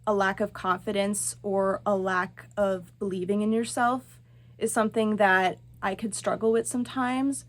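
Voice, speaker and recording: A woman's voice: medium pitch, fairly even intonation, normal speed. A woman in a fitness program giving a thoughtful, reflective video testimonial.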